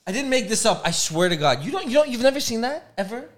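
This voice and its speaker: A young man co-hosting a podcast in casual chat, telling stories with lots of swearing and loud, high outbursts. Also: quick pace. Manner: animated storytelling, swears freely, jumps into loud high outbursts. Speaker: podcast co-host.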